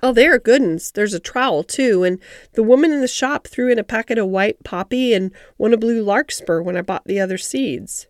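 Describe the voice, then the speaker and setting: A woman's voice: fairly high pitch, moderate pace, dry recording, studio quality, close to an everyday voice. A woman voicing a cheerful country boy, talking in an easy, broad dialect. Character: cheerful country boy who talks to animals.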